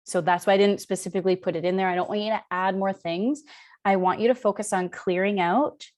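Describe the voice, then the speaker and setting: A woman's voice: medium pitch, fairly even intonation, brisk. A woman in her thirties giving a live spiritual session, telling personal stories casually with frequent ums. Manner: casual, warm-hearted storytelling with frequent ums. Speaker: spiritual teacher. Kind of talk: live online session talk.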